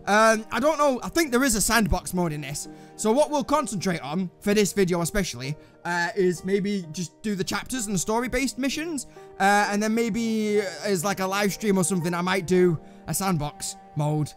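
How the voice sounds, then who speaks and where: A man's voice: high-pitched, moderate pace, faint music behind. A man, hosting a let's play with rambling, jokey, casual commentary. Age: 20s. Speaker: gaming channel host.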